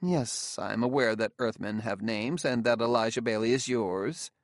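A man's voice: mid-range voice, moderate pace, dry recording, clean studio sound, lightly acted. A man voicing a cool, imperious woman scientist who speaks in clipped, commanding tones in an audiobook. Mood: haughty.

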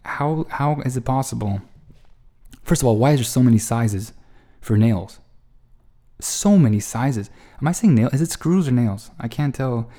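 A man's voice: mid-range voice, moderate pace. A man telling a long casual story to the camera, full of restarts and profanity, with an exasperated edge. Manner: rambling, profane, lots of restarts; exasperated, animated retelling. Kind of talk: casual anecdote monologue.

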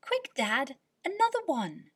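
A woman voicing an eager, excited small boy in a storybook, with a breathy tone. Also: high voice, takes it slowly, pitched above the performer's own voice, heavily acted.

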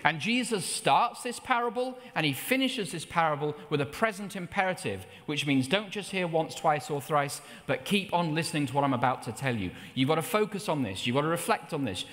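A middle-aged man preaching a sermon, telling personal stories with lively rises in pitch. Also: a little fast, few pauses. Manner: anecdotal, with animated rises in pitch. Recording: long hall reverb.

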